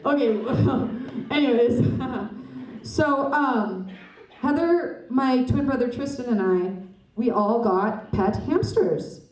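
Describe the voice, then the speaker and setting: A woman's voice: a little high, takes it slowly, a little mellow, a little hiss or hum. A young woman doing stand-up comedy on a club stage, rambling and self-mocking as she chats with the audience. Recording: roomy club sound from a distance.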